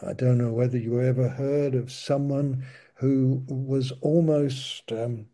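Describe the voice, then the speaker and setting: A man teaching from the Bible in an informal, conversational way, slow and halting, often restarting his sentences. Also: medium pitch, fairly even intonation, warm tone. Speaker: preacher.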